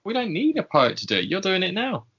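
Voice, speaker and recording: A man's voice: high voice, huge pitch swings, quick pace, fairly bright tone, slightly rough. A man co-hosting a casual podcast chat, rambling with lots of ums and small laughs. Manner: rambling, hesitant with many ums, chuckling. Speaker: podcast co-host. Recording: dull lo-fi recording.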